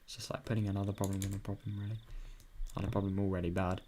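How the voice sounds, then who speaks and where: A man's voice: low-pitched, little pitch movement, rapid-fire, dark tone, a little hiss or hum. A young British man reading a visual novel aloud, breaking off to chat and swear about the story. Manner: chatty, swears often, reacts with sudden bursts. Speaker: video novel reader.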